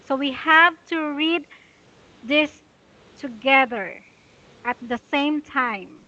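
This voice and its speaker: Slow, patient woman teaching pronunciation. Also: high voice, pushed and bright, lo-fi sound. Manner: slow, patient, repeats instructions. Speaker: English teacher. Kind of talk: giving a pronunciation lesson.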